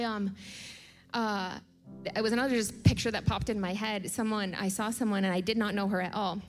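A woman in her thirties gives a casual, story-driven sermon in a church auditorium, her fairly high voice trailing into a long hall reverb. She talks in a chatty way, with plenty of fillers and little laughs, and acts out the lines of the people in her stories. Faint music plays softly behind her. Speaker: church speaker.

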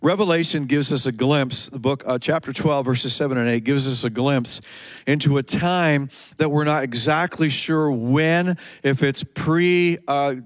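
A man preaching a sermon in a church service, emphatic, repeating key words and slowing down for quoted scripture. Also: medium pitch, dry recording. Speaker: pastor.

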